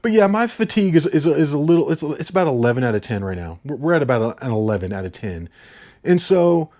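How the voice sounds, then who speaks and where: A man's voice: fairly high pitch, big pitch swings, fast talker, a little mellow. A man ranting through a movie review, exasperated and full of profanity.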